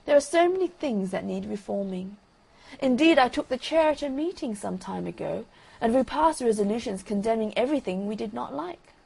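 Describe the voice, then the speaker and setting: A woman's voice: on the high side, lively intonation, a little fast, vocal fry, a little mellow, husky, full character voice. A woman voicing a peaceable, chatty female duck in a bedtime story reading, with a prim, gossipy manner.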